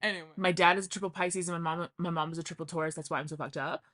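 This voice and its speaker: A woman's voice: on the low side, fairly even intonation, racing, a bit bright. Chatty young woman telling stories. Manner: chatty, swears freely, acts out quotes. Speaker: vlogger. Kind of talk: casual storytelling.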